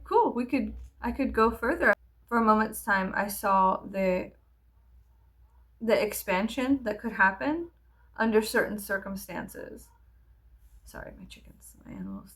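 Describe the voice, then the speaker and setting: A woman with a gravelly, fry-laden voice talks through memories while getting ready. She rambles and restarts often and fills gaps with "um" and "like." Her voice sits at an ordinary pitch for a woman. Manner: rambling, halting, lots of fillers. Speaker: vlogger. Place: at home with animals nearby.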